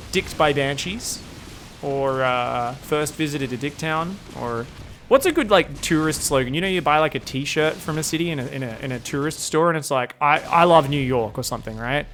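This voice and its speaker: A man's voice: a little high, fairly bright tone, a little hiss or hum. A man streaming game commentary, rambling, joking and swearing freely.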